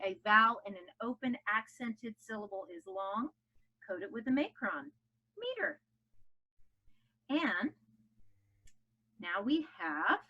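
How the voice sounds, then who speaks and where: A woman's voice: mid-range voice, pushed and bright. Upbeat woman teaching phonics. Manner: upbeat, coaxing children to chant along. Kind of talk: phonics lesson for children. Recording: dull lo-fi home video audio.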